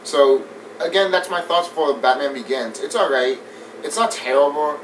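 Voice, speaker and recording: A man giving a casual, animated movie review rant. He swears often, laughs a lot and mimics scenes as he talks. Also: on the high side, moderate pace. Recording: distant mic with faint background noise.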